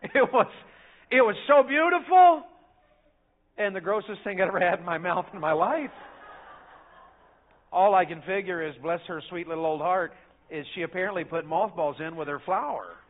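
A middle-aged man, preaching a sermon in a folksy storytelling way that swings between loud and soft. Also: high voice, normal speed, pauses often. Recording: phone-like narrow sound.

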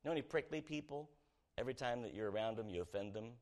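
Speaking quickly and with animation in a mid-range voice, this pastor chats with his congregation during a sermon. He asks them questions and moves back and forth between forceful, loud statements and hushed moments.

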